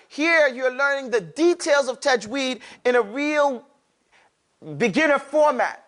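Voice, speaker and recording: A man's voice: extremely high pitch, animated, measured pace, a bit bright. A man teaching a classroom lesson, drawing out sounds for students to repeat and adding playful asides. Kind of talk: classroom lesson with call-and-response drills.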